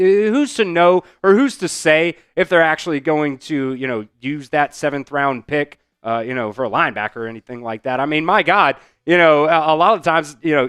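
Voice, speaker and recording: A man's voice: fairly high pitch, fairly bright tone, smooth, dry recording, studio quality. A man hosting a live sports talk stream, speaking casually with many fillers and answering viewer comments from the chat. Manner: casual, rambling, heavy on fillers. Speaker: sports show host.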